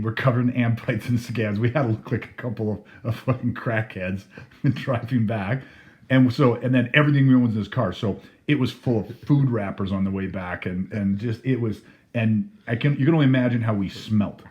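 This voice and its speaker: A man's voice: fairly low pitch, brisk, darkish tone, highs cut off. A man telling a story casually, laughing through his words and swearing freely. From Canada.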